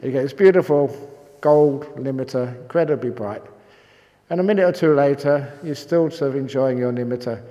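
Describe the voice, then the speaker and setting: A man's voice: mid-range voice, moderate pace, dark tone. An older man, a Buddhist monk, giving a humorous dharma talk at a meditation retreat, telling jokes and stories with the odd cough. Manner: joking storyteller, occasional coughs. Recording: long hall reverb.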